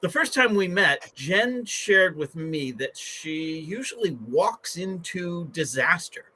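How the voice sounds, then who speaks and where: Male host, slightly high voice, bright tone, upbeat and welcoming. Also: animated, slow. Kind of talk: live show hosting.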